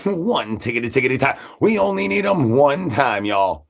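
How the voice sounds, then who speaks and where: Husky man doing goofy livestream banter. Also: sing-song, moderate pace. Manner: rambling, silly catchphrases, sudden pitch jumps. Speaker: livestreamer in zombie character. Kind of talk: absurd live-stream banter.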